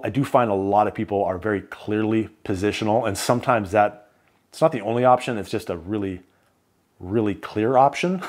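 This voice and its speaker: Chatty man reviewing sleep gear. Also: mid-range voice. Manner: chatty, joking asides. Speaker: CPAP equipment reviewer. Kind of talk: casual product rundown.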